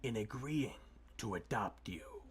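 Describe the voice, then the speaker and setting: A man's voice: lowish voice, expressive. A man putting on a scratchy, menacing villain count. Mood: demanding. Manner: slow, looming, menacing delivery. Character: sinister scratchy-voiced male villain count. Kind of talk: storybook read-aloud. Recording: faint music behind.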